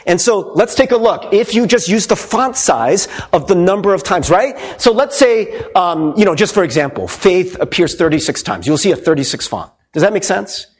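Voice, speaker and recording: A man preaching a sermon as pastor, playful and animated, asking the congregation many questions. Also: sits high, moderate pace, hardly any pauses, breathy edge.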